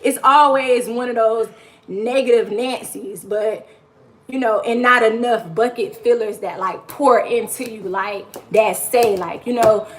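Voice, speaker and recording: This YouTube live streamer, a mother of four, has a fairly high, steady voice and an unhurried delivery. She chats casually and encouragingly, rambling with frequent "like" fillers.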